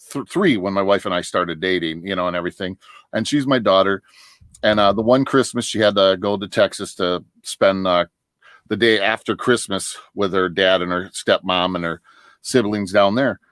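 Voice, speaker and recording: A man's voice: low voice, moderate pace, a bit bright, no echo. A middle-aged man from northern Michigan, chatting casually on a livestream, telling long stories with many restarts and frequent laughs. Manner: rambling storyteller, laughs often, many restarts. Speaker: livestream guest. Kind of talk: casual chat.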